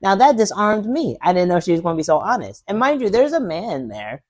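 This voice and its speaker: A man co-hosting a casual podcast spins a late-night story with a lively, swooping voice. He laughs often and drops into quick impressions of the people in it. The sound is dry and close. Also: high voice, no room sound. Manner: animated, laughs often, acts out voices in stories. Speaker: podcast co-host.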